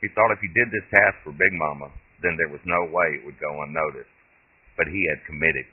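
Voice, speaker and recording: A man, the author, reading his own short story aloud in steady, plain storytelling. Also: rumbling low, fairly quick, husky. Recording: tinny lo-fi phone-like audio.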